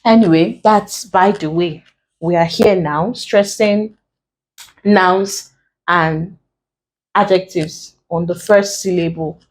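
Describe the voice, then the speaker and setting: A woman with a Nigerian English accent tutoring an exam-prep lesson, slow and deliberate, repeating key points as she writes on a board. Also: fairly low pitch, poor audio.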